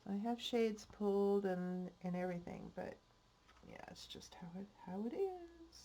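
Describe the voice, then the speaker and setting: An older woman hosting a crafting channel, talking softly and thinking aloud as she decorates a project in her home craft room. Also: mid-range voice, sing-song. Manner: slow, soft-spoken, thinking aloud while working. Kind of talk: casual crafting narration.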